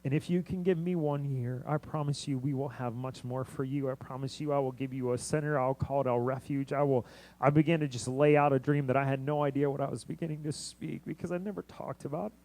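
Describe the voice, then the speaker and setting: Young male missionary preacher telling a story from the pulpit; moves between near-whisper and loud emphasis. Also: mid-range voice, steady tone, brisk, low-quality recording. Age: young adult. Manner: storytelling, acts out quoted dialogue, swings from hushed to loud. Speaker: missionary pastor. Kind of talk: sermon.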